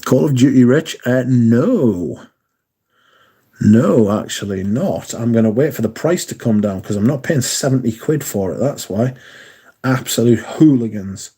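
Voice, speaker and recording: Husky-voiced man chatting on stream. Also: medium pitch, expressive, unhurried, dark tone. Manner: chatty, swears casually. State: lost his voice, sore throat. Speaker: livestream host. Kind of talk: casual chat to viewers.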